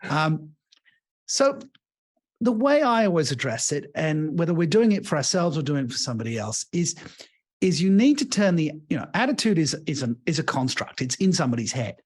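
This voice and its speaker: Male leadership coach, guest on an interview podcast, a slightly higher voice, lively storyteller who acts out the voices he quotes. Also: fairly quick. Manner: expansive storyteller, animated.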